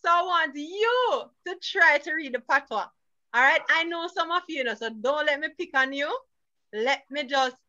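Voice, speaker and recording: Over dull, lo-fi video call audio, a woman with a high, sharp voice hosts an online reading competition. She's upbeat and coaxing, encouraging people as she calls on them by name.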